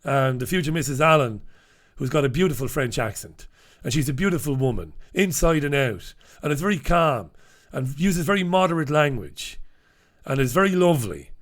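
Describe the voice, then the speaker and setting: A man's voice: fairly high pitch, lively intonation, moderate pace. A middle-aged man hosting a newspaper review, talking in a blunt, casual, opinionated way, swearing freely and dropping chatty asides.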